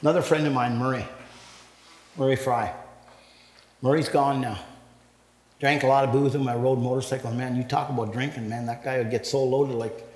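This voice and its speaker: A man's voice: medium pitch, steady tone, normal speed, pauses often, a little mellow. An older man from Canada tells his testimony to a men's breakfast. He rambles from story to story, acting out each quote and then swelling into preaching. His voice rings through a roomy church hall with a long, lingering reverb. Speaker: guest speaker giving his testimony.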